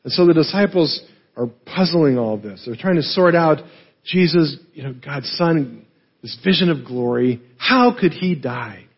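A man's voice: a little high, lively intonation, moderate pace, slightly rough, highs cut off. A man preaching a teaching sermon, explaining as he goes with frequent "right?" and filler words. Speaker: pastor.

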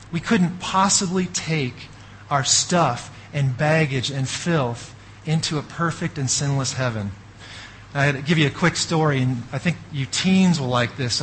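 A man preaching a sermon as a pastor, telling an animated story with asides to the audience. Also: fairly high pitch, slight background noise, low-quality recording.

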